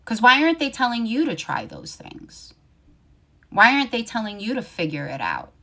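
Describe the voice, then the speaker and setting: A woman's voice: mid-range voice, fairly bright tone. A woman in a played video giving opinion commentary with a sarcastic, mock-sympathetic edge.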